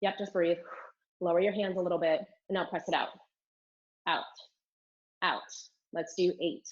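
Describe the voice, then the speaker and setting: A woman's voice: lowish voice, steady tone, moderate pace. A woman Pilates instructor cueing and counting reps in a live online class, exercising along and a bit strained. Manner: upbeat counting and cueing while doing the moves. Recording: slightly dull lo-fi stream audio.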